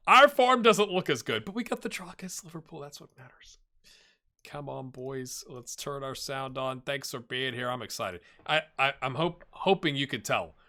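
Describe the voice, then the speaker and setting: Lively, bright-voiced Scottish man. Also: mid-range voice. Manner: chatty, excitable, bursts into loud match commentary. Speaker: gaming channel host. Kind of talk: casual let's-play commentary. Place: home office with a blue screen.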